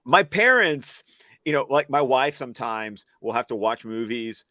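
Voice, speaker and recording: A man's voice: mid-range voice, animated, normal speed, bright, forceful tone, no room sound, studio quality. A married man telling stories on a film stream panel, laughing as he talks. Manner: storytelling, laughs while talking. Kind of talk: casual chat.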